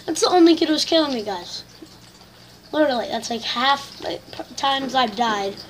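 A woman giving excitable, complaining live commentary over a shooter game she is playing, full of slang. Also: high-pitched, moderate pace, slight background noise. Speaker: gamer.

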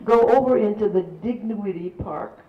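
Speaking at a medium pitch and moderate pace, a community speaker, an older San Antonio, Texas woman, recounts local history for an audience. She's chatty and rambling, laughing and starting over at times, captured in a dull, echoey, distant room recording.

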